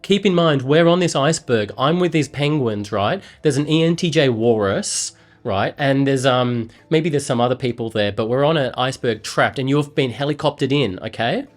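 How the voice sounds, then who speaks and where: A man's voice: mid-range voice, normal speed. An Australian man vlogging, chatting playfully with an AI in a rambling way that often trails off. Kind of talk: casual chat with an AI.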